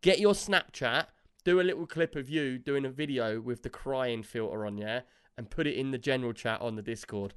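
A man hosting a gaming podcast, telling stories in an animated way and laughing often. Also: medium pitch, normal speed, smooth. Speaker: podcast host. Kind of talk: casual chat.

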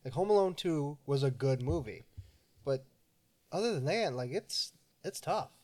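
A man in his thirties co-hosting a casual podcast chat, laid-back, swearing casually and trailing off into low mumbles. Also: lively intonation, a little slow, mellow. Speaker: podcast co-host.

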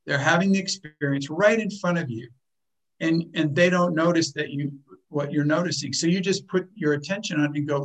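A man teaching a workshop group in a calm, explanatory way, often repeating words as he thinks. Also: on the high side, a little fast, rough recording. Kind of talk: teaching a group, with acted example lines.

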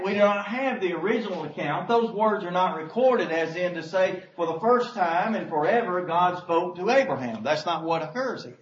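Male preacher, high voice, emphatic scripture reading, dull lo-fi sound. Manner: emphatic, reading scripture aloud with slow stressed words. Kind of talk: sermon. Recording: roomy, dull, faint hiss.

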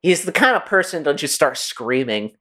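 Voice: mid-range voice, very animated, normal speed, fairly bright tone. A podcast co-host chatting casually, rambling and swearing, with a lot of "like" in every sentence. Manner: rambling, swears often, many "like"s.

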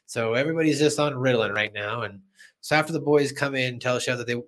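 A man's voice: medium pitch, fast, fairly bright tone. A man hosting a podcast, casually recapping an episode, chatty and laughing as he acts out lines. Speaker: podcast host.

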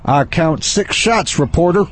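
An actor playing a clueless, showboating male president with a husky voice, in a satirical sketch. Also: fairly high pitch, measured pace. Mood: mock cowboy. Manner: pompous, bumbling deadpan.

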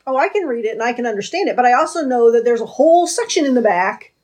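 Earnest high-voiced woman discussing faith. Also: animated, fast talker, darkish tone. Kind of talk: casual religious discussion.

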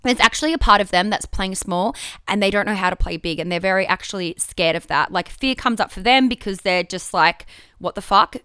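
Bright, clear-voiced woman talking frankly. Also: medium pitch, fairly quick, no room sound, studio quality. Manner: candid, frank and swearing, with many restarts. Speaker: podcast host. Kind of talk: casual solo podcast talk.

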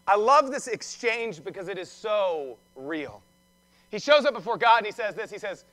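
A man's voice: high voice, lively intonation, normal speed, fairly bright tone. A male pastor preaching an Easter sermon who tells the story in a conversational way, with humor and questions to the congregation.

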